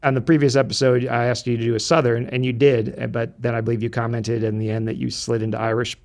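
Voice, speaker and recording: A man hosting a casual podcast chat, measured and wry, putting questions to his co-host. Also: mid-range voice, flat delivery, a little mellow.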